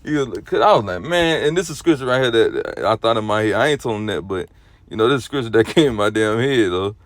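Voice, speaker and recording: Man, lay teacher, casual rambling exhortation, heavy fillers, swings from subdued to animated, dry close mic. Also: a little fast, no echo. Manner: rambling, heavy on fillers like "you know" and "or whatnot"; starts low and subdued, then grows loud and animated.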